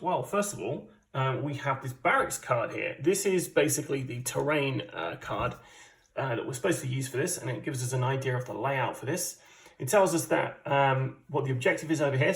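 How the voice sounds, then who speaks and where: A man from the UK hosting a casual solo board game playthrough, chatty, rambling and self-deprecating as he explains the setup. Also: medium pitch. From United Kingdom. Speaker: board game channel host.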